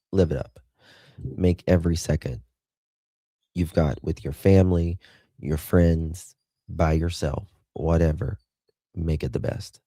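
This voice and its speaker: Man, Southern accent, middle-aged, livestream chat, mellow voice, chatty and affectionate. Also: extremely low pitch, fairly even intonation, slow pace, pauses often, breathy edge, no echo. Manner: chatty, reads viewers' chat aloud with endearments. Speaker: livestream host.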